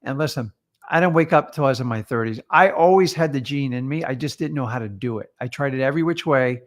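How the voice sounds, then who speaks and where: A man's voice: mid-range voice, quick pace. A middle-aged man giving an earnest motivational talk as a real estate coach, telling stories with hesitant fillers.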